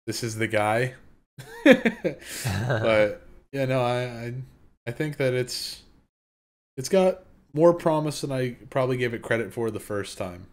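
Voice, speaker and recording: A man co-hosting a podcast, chatting about comic chapters in a relaxed, easygoing way. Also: mid-range voice, a little slow. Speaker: podcast co-host. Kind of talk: casual manga review chat.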